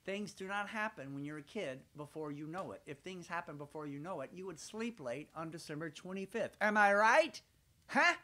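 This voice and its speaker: Talking a little fast with hardly any pauses, an older Georgia man with a Southern accent tells children playful, rambling stories at his fireplace. His voice is a little high and a bit bright, and his folksy manner is chatty.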